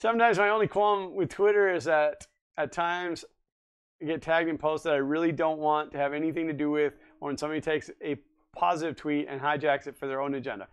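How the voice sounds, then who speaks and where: A man's voice: a little high, fairly even intonation, fairly quick, clean tone. A man in his forties hosting a casual live stream, rambling and chatting as he answers viewers' comments. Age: 40s. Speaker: livestream host.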